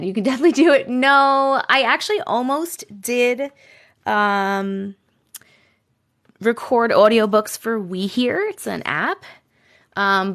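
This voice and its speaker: A woman's voice: mid-range voice, a bit bright. A woman with a New York accent hosting a casual livestream from home, chatting, laughing often and reading viewer stories and comments aloud. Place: at home, seated at a computer desk.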